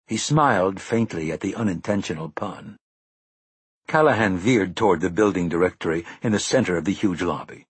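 A man reading an audiobook in measured, even scripted narration. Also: low-pitched, slightly rough, dry recording.

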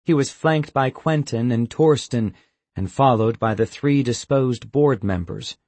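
A man narrating an audiobook in a measured, expressive way. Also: medium pitch, no echo.

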